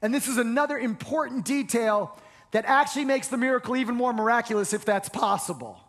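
A man's voice: extremely high pitch, fairly quick, fairly bright tone. A man preaching a sermon to a congregation, talking earnestly and often stumbling over repeated words. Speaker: pastor. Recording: reverberant large hall.

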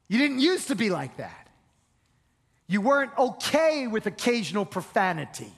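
A man's voice: high-pitched, very animated, moderate pace, vocal fry, a bit bright, husky. A man preaching a sermon to a congregation, talking earnestly and often stumbling over repeated words. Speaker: pastor. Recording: reverberant large hall.

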